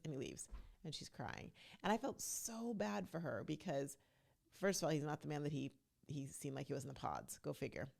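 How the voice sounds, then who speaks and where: A woman with a low voice and a gravelly edge hosts a casual talk podcast. She is chatty and emphatic and speaks straight to her listeners. Her delivery stays loose and conversational throughout. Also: moderate pace, a little mellow. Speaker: podcast host. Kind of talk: casual reality TV recap commentary.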